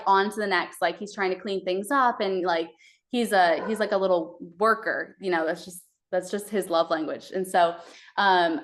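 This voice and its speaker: A young woman from Texas, a podcast guest telling her birth story, with many hesitant fillers. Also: medium pitch.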